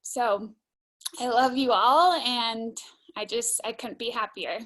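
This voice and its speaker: A woman's voice: a little high, slow, a bit bright. A woman yoga graduate giving an emotional farewell speech over a video call, sighing as she tells a story.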